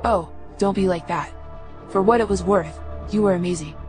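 A woman's voice: mid-range voice, normal speed, darkish tone, faint music behind, lightly acted. A woman voicing a gloating, shapeshifting male demon who talks in a mocking, taunting way.

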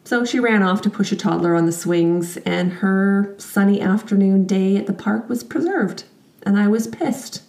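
A woman's voice: mid-range voice, moderate pace, creaky, a little mellow, echoey room. A woman hosting a podcast, telling a personal story as a mother in a candid, self-deprecating, chatty way.

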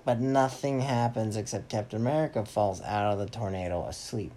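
A man playfully making up a story aloud for a child, animated and teasing. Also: on the low side, fairly quick. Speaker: parent telling a story to a child. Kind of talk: improvised bedtime story.

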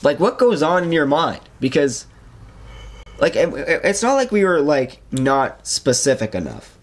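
A man's voice: fairly high pitch, unhurried. Rambling young man telling stories. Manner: rambling, animated storytelling with many fillers. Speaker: podcast host. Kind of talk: casual chat.

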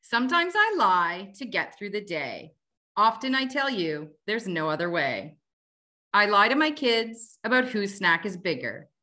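A woman's voice: medium pitch, sing-song, a little slow, bright, forceful tone. A woman on a video call, chatting casually as a guest and reading her own rhyming poems aloud. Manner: chatty, fillers like "like" and "um". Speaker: guest poet.

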